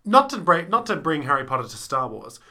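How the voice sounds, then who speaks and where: A man co-hosting a casual podcast, trading quick, playful banter and swearing casually. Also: on the high side, big pitch swings, a crowd in the background. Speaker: podcast co-host. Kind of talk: casual chat.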